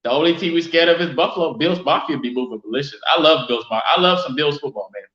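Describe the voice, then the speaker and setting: A man hosting a casual sports fan live stream, chatting loosely and giving viewers shout-outs. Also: fairly high pitch, fast. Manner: casual, reads and answers chat shout-outs. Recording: roomy, dull lo-fi sound.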